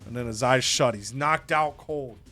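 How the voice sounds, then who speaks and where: A man calling a wrestling match in a game with animated, dramatic play-by-play. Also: medium pitch, normal speed, faint music behind.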